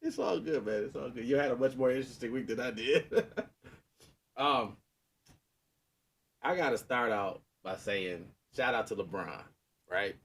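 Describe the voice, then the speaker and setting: A man's voice: mid-range voice, moderate pace, long pauses, a bit bright. A man in his thirties, a podcast co-host, telling a story in casual chat and laughing often, with a sore knee.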